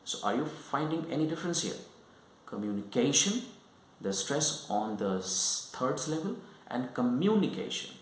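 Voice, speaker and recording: A man giving a lesson, explaining slowly and often checking whether the listener follows. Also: medium pitch, animated, reverberant, poor audio. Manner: repetitive, checks understanding often. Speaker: English teacher.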